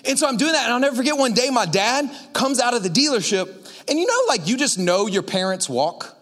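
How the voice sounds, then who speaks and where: A male pastor preaching a casual sermon, energetic and chatty with lots of asides to the congregation. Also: very high-pitched, brisk.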